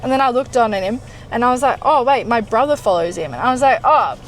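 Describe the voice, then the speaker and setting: A woman's voice: fairly high pitch, fast, low-quality recording. A young woman telling a story in casual chat, acting out the dialogue and swearing now and then. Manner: chatty, animated, acts out dialogue, swears casually. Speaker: vlogger. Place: in a parked car.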